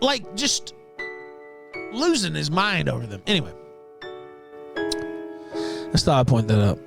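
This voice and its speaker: Male stream host, profane mocking ranter, lively high voice. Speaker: livestream show host. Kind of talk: ranting commentary.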